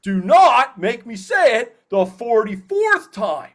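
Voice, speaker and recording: A man voicing a cheerful, dim teenage jock from a cartoon, with loud, goofy, drawn-out line reads. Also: very high-pitched, sing-song, pitched above the performer's own voice, heavily acted. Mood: emphatic. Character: upbeat dim jock teen boy.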